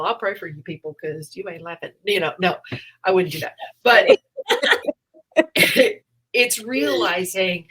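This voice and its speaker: Bright-voiced woman comedian chatting. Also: lowish voice, rough recording. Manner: animated storytelling, acts out her own past reactions; laughs often. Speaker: comedian and podcast co-host. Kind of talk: casual chat.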